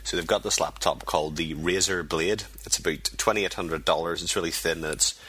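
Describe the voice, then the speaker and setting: A man's voice: low voice, fairly even intonation, fairly quick, bright, forceful tone, husky. A man co-hosting a podcast, chatting casually in a rambling way. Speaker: podcast co-host. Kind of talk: casual chat.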